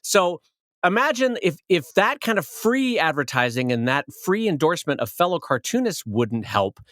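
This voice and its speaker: A man's voice: fairly high pitch, sing-song, moderate pace, a bit bright, no room sound, clean studio sound. A man co-hosting a cartoonists' podcast, talking shop with playful teasing and mock-grand praise. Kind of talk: casual shop talk.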